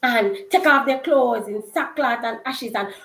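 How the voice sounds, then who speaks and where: A woman's voice: on the high side, measured pace, gravelly, fairly bright tone. Chatty Jamaican woman in an echoey room. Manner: chatty, laughing, slips into patois. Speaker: vlogger. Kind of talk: casual storytelling vlog. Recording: roomy echo.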